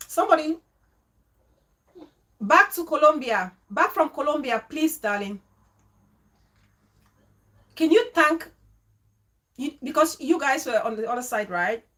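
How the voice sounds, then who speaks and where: A woman's voice: high voice, animated, takes it slowly, pauses often, sharp tone. A woman vlogger from Cameroon, talking emotionally to her viewers and reading their comments aloud with asides.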